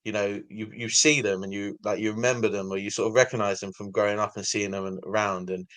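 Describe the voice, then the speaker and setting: A man in his thirties with an English accent hosts a casual podcast interview, talking quickly and loosely with a lot of filler. His voice sits fairly low. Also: flat delivery, fairly bright tone, no echo. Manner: loose, full of fillers like "sort of".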